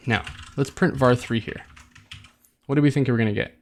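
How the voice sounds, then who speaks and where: A man teaching a coding lesson in a relaxed, chatty way, thinking aloud, restarting phrases and filling pauses with ums. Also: medium pitch, slight background noise. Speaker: coding tutor. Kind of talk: casual screen-recorded coding tutorial.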